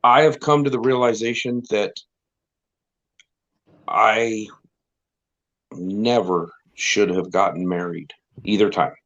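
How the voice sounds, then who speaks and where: Slow and steady, a middle-aged man co-hosting a live stream talks in a lowish, slightly bright voice, pausing often. His casual chat wanders, dry-humored and repetitive, over somewhat dull lo-fi audio.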